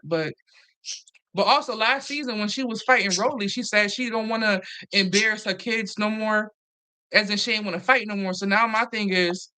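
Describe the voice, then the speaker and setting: A woman hosting a casual, animated recap chat, swearing freely and acting out what others said. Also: medium pitch. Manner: animated, profane, acts out quotes. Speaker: host.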